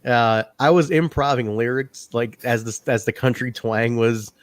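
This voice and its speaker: Animated man chatting on a wrestling podcast. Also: medium pitch, measured pace, no room sound. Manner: animated, laughing, acts out quotes. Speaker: podcast co-host. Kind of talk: casual chat.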